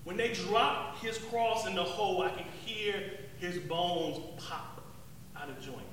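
A man playing a rough, remorseful zealot in a dramatic first-person monologue, talking in an emphatic, street-tough way and repeating words. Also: sits high, a little slow, fairly bright tone, a little hiss or hum. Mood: solemn. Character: rough, remorseful male zealot recalling the crucifixion. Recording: echoey hall, distant mic, faint ambience.

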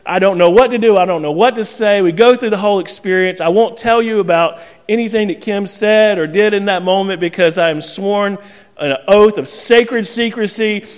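Male pastor, 30s, animated sermon storyteller, self-mocking, slightly high voice, long hall reverb. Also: moderate pace.

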